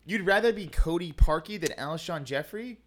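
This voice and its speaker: A man in casual sports podcast chat, excitable, laughing often and saying "like" a lot. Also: fairly high pitch, moderate pace. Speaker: podcast co-host.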